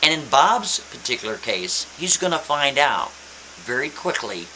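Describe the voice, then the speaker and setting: A man telling a story in a casual, animated, emphatic way, repeating his points. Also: medium pitch, moderate pace, rough recording. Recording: faint hiss.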